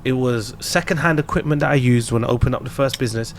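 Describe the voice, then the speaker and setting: A man with a London accent, a guest entrepreneur on a podcast, chatting casually and telling lively anecdotes with slang. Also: mid-range voice, fast talker, a little hiss or hum. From England. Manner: animated storyteller, laughs while telling anecdotes, slangy.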